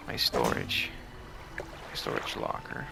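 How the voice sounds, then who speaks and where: A man playing a game on video, reading the game's dialogue aloud with his own asides and quiet mutters, game music behind. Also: takes it slowly. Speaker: gaming video host. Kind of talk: let's play, reading game text aloud.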